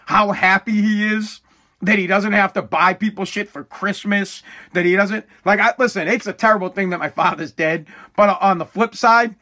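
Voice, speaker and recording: A man's voice: sits high, steady tone, normal speed, sharp tone. A man in his thirties ranting bluntly about birthdays and money, swearing freely and restarting his sentences. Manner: profane, blunt, rambling with restarts. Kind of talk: ranting monologue.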